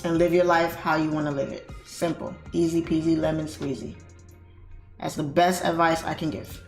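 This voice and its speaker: A young woman with a slightly low voice hosts a live trading stream. She chats in a loose, animated way and reads viewer comments aloud as she goes. The room sounds roomy and echoey, and faint music plays underneath. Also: moderate pace. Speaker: trading livestream host. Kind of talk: casual livestream chat while trading.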